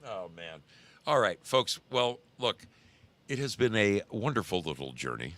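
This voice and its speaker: A man's voice: fairly low pitch, sing-song, unhurried. A man in his sixties hosting a casual live stream, greeting viewers and telling rambling road stories. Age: 60s. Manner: rambling storyteller, greets chat viewers warmly by name. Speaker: livestream host.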